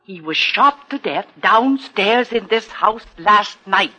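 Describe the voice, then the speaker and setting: An actress playing a firm, protective older sister in a 1950s radio drama. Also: female voice, mid-range voice, animated, takes it slowly, bright, forceful tone, full character voice. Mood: stern. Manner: firm and scolding, then frantic over money.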